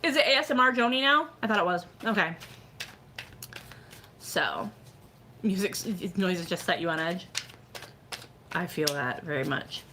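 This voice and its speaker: A woman's voice: fairly low pitch, lively intonation, unhurried, pauses often, bright, forceful tone, a little hiss or hum. A middle-aged woman chatting casually on a live stream, rambling with lots of "like" and "you know" as she gives fortune readings.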